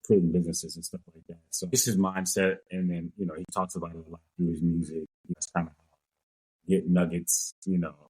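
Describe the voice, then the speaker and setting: A young man, a sports coach, answering interview questions in a relaxed, thoughtful way with many fillers. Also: low-pitched, a little fast, husky, low-quality recording. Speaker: strength and conditioning coach.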